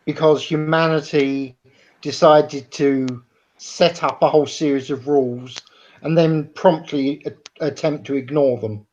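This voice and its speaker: A man's voice: a little high, fairly even intonation, a little slow, darkish tone. A man in a casual group chat, sarcastic and ranting, from the UK. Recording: dull lo-fi call audio.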